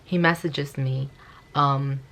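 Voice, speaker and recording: A woman's voice: extremely low pitch, fairly even intonation, slow pace, gravelly, a bit bright. A young woman vlogger telling a story casually, rambling and swearing, with constant "like"s. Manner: rambling, profane, full of "like".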